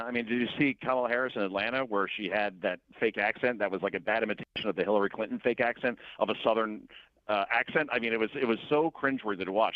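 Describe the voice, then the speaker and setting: A man calling in as a guest columnist on a dull, dry phone line. He talks quickly with a lively, swooping pitch and tosses in laughing asides. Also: dry recording. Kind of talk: radio interview commentary.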